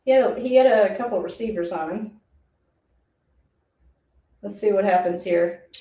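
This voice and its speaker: A woman's voice: mid-range voice, moderate pace, dark tone, far from the mic. Chatty woman streamer, roomy and off-mic. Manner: chatty, rambling, laughs often. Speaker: football reaction streamer. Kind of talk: casual live play-by-play reaction.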